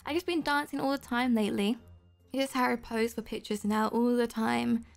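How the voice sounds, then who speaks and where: Brief: young-sounding woman game streamer, high voice with vocal fry, bubbly, gasps and squeals a lot. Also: fairly quick. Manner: excitable, gushing, frequent gasps and squeals; talks straight to viewers. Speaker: YouTuber host. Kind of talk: Roblox gameplay commentary.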